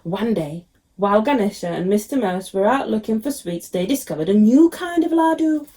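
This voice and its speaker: A woman teacher reading a picture book aloud to children, expressive and with frequent ums. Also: mid-range voice, normal speed.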